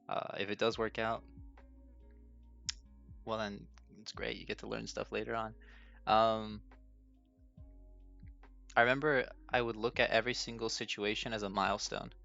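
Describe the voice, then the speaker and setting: A man's voice: on the low side, steady tone, moderate pace, creaky, long pauses, a bit bright. A young man hosting a casual solo podcast, telling stories with frequent laughs and a self-deprecating manner. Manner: laughs often, self-deprecating, acts out his own nervous stammering. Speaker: podcast host. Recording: dull lo-fi audio with faint music.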